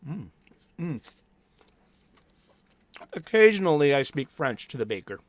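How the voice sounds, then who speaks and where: A man's voice: fairly high pitch, sing-song, a little slow, no echo. A middle-aged man hosting a casual solo chat, rambling with many restarts and fillers. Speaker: host. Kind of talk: casual solo chat about comic books. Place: home studio.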